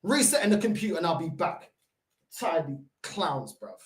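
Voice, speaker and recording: A woman with a London accent hosting a football fan stream, ranting heatedly, shouting and swearing, and dropping into Portuguese curses. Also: lowish voice, big pitch swings, moderate pace. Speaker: football fan channel host. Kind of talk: ranting live-stream reaction. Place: room at home by a computer. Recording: roomy echo.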